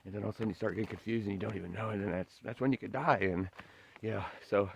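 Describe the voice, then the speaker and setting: A man's voice: fairly low pitch, racing, vocal fry, breathy edge. A man vlogging on a long-distance hike in a forest, talking in an earnest, emotional, rambling way. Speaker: thru-hiker vlogger. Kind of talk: casual trail vlog. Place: forest trail outdoors.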